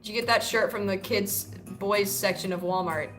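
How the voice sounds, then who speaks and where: A woman from the United States hosts a casual livestream, reading chat comments and answering with loose, profane jokes. Her voice is bright and forward, at an ordinary middle pitch. Soft guitar music plays faintly underneath. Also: steady tone, normal speed. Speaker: livestream host.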